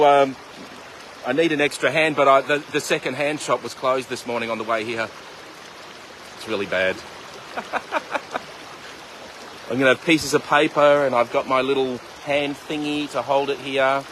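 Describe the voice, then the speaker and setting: A man with a medium-pitched, fairly bright voice teaches mindfulness meditation next to a flowing river, over a faint hiss or hum. On this casual livestream he addresses viewers by name and cracks jokes between guidance.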